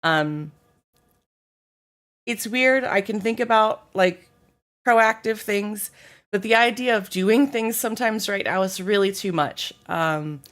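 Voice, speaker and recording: A woman's voice: medium pitch, animated, slow pace, a bit bright. A woman streaming live, chatting casually with viewers while feeling unwell, candid and apologetic, thanking people by name. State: feeling unwell, low energy.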